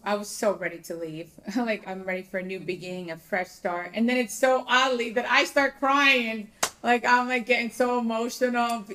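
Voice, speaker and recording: A woman's voice: a little high, steady tone, moderate pace, sharp tone, slight background noise, rough recording. A woman chatting on an after-show, effusive and emotional, with many fillers. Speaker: reality show cast member. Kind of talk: casual after-show chat.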